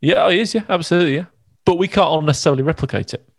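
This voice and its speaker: A man co-hosting a casual business podcast, agreeable and quick to chime in. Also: on the high side, no room sound. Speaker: podcast co-host.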